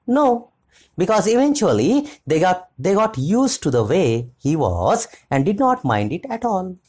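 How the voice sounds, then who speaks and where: Patient storytelling father, soft and coaxing, read by an audiobook narrator. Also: mid-range voice, big pitch swings, measured pace, breathy edge, pitched above the performer's own voice. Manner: gentle, coaxing.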